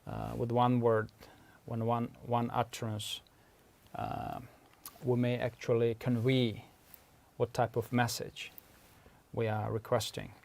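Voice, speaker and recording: A man's voice: mid-range voice, monotone, takes it slowly, gravelly, long pauses, darkish tone. A man with an Uzbek accent, Uzbek his first language, giving a patient, methodical lecture as a language researcher. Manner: patient, methodical, stops often to clarify terms. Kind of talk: explanatory lecture.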